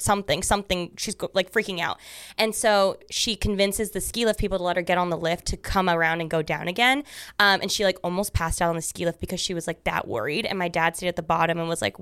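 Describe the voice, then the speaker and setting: A young woman chatting as a podcast guest, rattling off an animated story at a quick clip. Her voice is clear and smooth, and the sound is dry and close with no room echo. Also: lowish voice. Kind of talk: casual storytelling chat.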